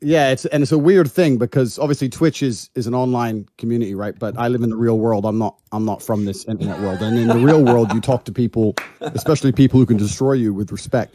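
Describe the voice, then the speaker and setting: A fast, assertive man born in the United Kingdom debates over a remote call. His voice is dark and mellow, and the sound is dry, with no room echo. He speaks like he is lecturing. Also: mid-range voice. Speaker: guest.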